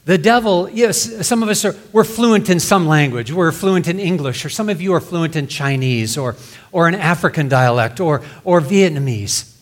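A man's voice: a little high, animated, normal speed. A man preaching a sermon, reading scripture aloud and explaining it in plain words. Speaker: pastor.

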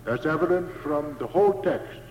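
Male preacher, high voice, deliberate sermon delivery, dull lo-fi sound. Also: expressive, a little hiss or hum. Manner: slow, emphatic, repeats key phrases. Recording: echoey hall, dull lo-fi sound.

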